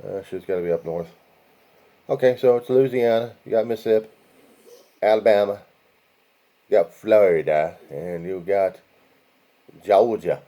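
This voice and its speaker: A man's voice: fairly low pitch, moderate pace, pauses often, dark tone. A man hosting a casual video, talking viewers through a map in a rambling way, with profane asides and chant-like lists of places. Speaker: video host.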